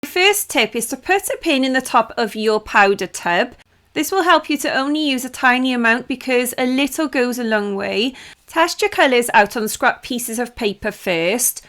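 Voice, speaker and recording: A British woman reads tutorial tips as a voice-over, steady and explanatory. Her voice sits a little high. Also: normal speed. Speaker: art tutorial host.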